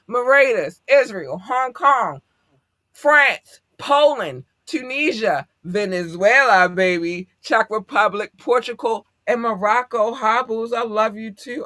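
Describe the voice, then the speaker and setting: A woman's voice: on the high side, animated, slow pace, a bit bright, no room sound, clean studio sound. A woman co-hosting a podcast in casual chat, effusive and affectionate, laughing often as she talks to listeners. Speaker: podcast co-host.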